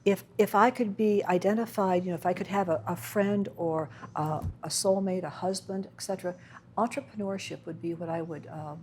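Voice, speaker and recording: A woman's voice: fairly low pitch, steady tone, normal speed, darkish tone, a little hiss or hum. A woman hosting an interview, asking questions and encouraging the guest with short affirmations. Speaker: interview host. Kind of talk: casual interview chat.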